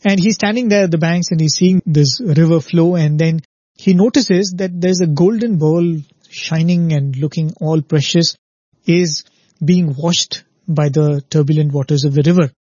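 A man's voice: a little high, moderate pace, mellow, no echo. Man giving a spiritual talk, muffled. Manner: explanatory, often adds "right?" to check in with listeners. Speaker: spiritual speaker.

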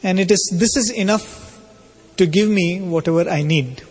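A man voicing a calm, virtuous housewife who speaks gently and with composure. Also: sits high, moderate pace, slightly rough. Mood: instructive. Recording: long hall reverb.

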